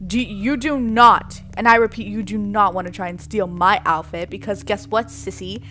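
A young woman streaming a game chats with her viewers in a playful, dramatic way, full of sass and exaggerated reactions. Her mid-range voice is bright and forceful, with a steady tone and moderate pace, as she gives casual gameplay commentary.

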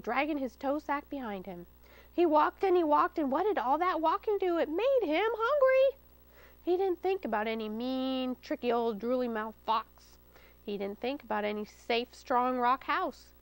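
Woman librarian reading a children's story aloud, high voice and lively, in a dry studio. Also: no room sound, low-quality recording. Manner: lively and expressive. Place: studio taping for local cable TV.

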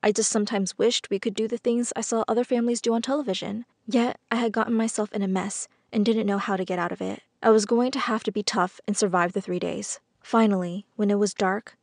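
A woman narrates a scripted first-person story with a measured, earnest delivery. Her voice sits at an ordinary middle pitch. The recording is close and dry, with no room sound. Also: darkish tone, no room sound.

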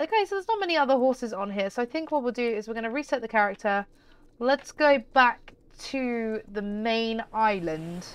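A woman giving chatty, excitable let's-play commentary as a gaming YouTuber, often giggling. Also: on the high side, smooth.

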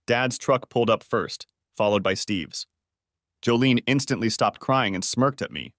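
A man's voice: mid-range voice, measured pace, fairly bright tone, dry recording, clean studio sound. A man narrating a dramatic first-person story for an audiobook.

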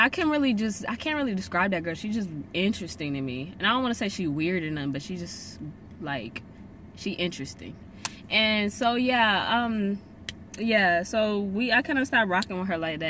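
A woman's voice: medium pitch, a bit bright, a little hiss or hum. A young woman telling a story to camera in a casual vlog, emphatic and slangy, often repeating herself for stress. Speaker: vlogger.

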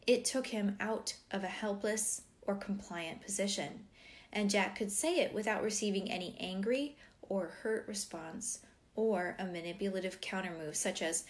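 A middle-aged woman reads a parenting book aloud in a steady, even voice. Her pitch sits right in the middle of the range. Now and then she slips into warm, animated asides. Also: moderate pace. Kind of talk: reading aloud with personal asides.

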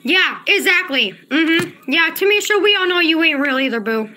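Woman livestreamer, agitated and cussing, high and lively pitch, repeats lines. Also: moderate pace, a little hiss or hum. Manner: agitated, profane, repeats herself. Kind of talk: casual livestream chat, reading chat.

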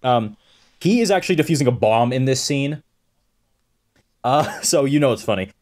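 A man co-hosting a podcast in casual chat, upbeat and quick to joke. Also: medium pitch, expressive, a little mellow. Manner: laughs often, upbeat and joking. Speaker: podcast co-host.

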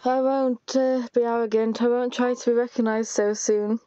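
A woman's voice: a little high, little pitch movement, moderate pace, warm tone, dry recording, dull audio, natural voice. A woman reading a timid, clingy young man from a game, pleading and apologetic.

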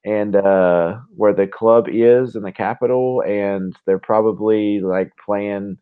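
A man co-hosting a casual podcast chat, talking haltingly and repeating words as he thinks. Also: lowish voice, fairly even intonation, clear, resonant tone. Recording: tinny phone-like line.

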